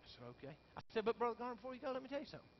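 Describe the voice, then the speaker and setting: A male pastor preaching a storytelling sermon. He talks to the congregation in folksy asides and climbs into shouted peaks. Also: very high voice, sing-song, rapid-fire. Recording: dull lo-fi sound with faint background noise.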